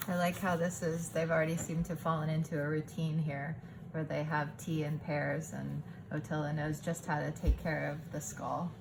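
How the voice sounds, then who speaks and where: A woman's voice: deep voice, level tone, normal speed, vocal fry, noisy background. A woman chatting thoughtfully with a young reader about a picture book, asking questions as they go. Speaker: parent co-host of a family read-aloud. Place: family home.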